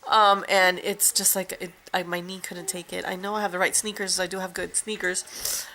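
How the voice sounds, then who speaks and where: A woman's voice: on the low side, little pitch movement, normal speed, pushed and bright. A mother chatting casually on a home vlog she films herself in her bedroom, rambling and breaking off now and then. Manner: rambling, breaks off to scold kids. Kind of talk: casual chat. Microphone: self-recorded camera.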